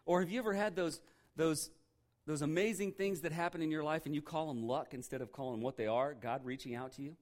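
A middle-aged male pastor preaching a sermon in a fairly high voice. He talks casually and keeps throwing rhetorical questions at the listeners. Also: fairly quick, darkish tone.

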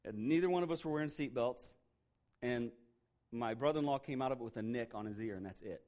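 A man's voice: mid-range voice, fast, darkish tone. A middle-aged man preaching a sermon in a casual, conversational way, often asking the congregation rhetorical questions. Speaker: pastor.

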